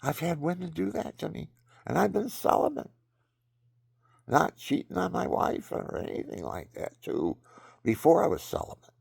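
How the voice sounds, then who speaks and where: A man's voice: on the high side, huge pitch swings, moderate pace, vocal fry, darkish tone, husky, no echo, studio quality. An older man rambling through personal stories and religious advice, often restarting sentences and chuckling at himself. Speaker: vlogger telling personal stories.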